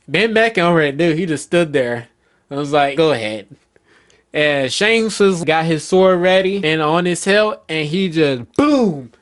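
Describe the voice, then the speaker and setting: Slow-talking excited male manga recapper. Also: a little high. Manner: excited storyteller, reads quotes aloud with loose slips and restarts. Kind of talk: casual manga chapter recap.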